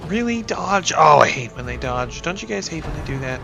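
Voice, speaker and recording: Chatty gravelly man commenting on a game. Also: on the high side, lively intonation, fairly quick, music in the background. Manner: chatty, rambling, talks to his game characters. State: sniffly with a cold. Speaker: gaming YouTuber and teacher. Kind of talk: let's play commentary.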